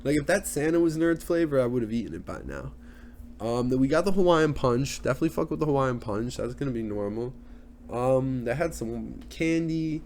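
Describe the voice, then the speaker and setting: A man's voice: mid-range voice, lively intonation, brisk, a little mellow, a little hiss or hum. A young man ranting on his solo podcast, rambling and crude, full of fillers. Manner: rambling, crude, with many fillers and put-on voices. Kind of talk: casual solo podcast rant.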